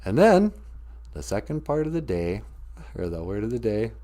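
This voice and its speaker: A man's voice: fairly low pitch, big pitch swings, moderate pace, dark tone. A middle-aged man hosting a live stream, talking casually and joking as he teaches Ojibwe words and says a prayer. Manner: joking and rambling, breaks into laughter and prayer.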